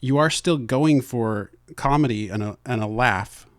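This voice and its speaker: A man interviewing a comedy writer, asking halting, searching questions with many restarts. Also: mid-range voice, dry recording, clean studio sound.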